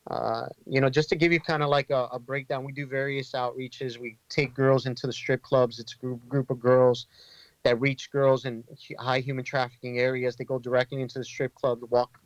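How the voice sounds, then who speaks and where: A man's voice: mid-range voice, flat delivery, moderate pace, dry recording, lo-fi sound. Earnest man telling a ministry story. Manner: earnest, conversational, many fillers and restarts. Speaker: inner-city ministry leader, podcast guest. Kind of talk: storytelling in a casual interview.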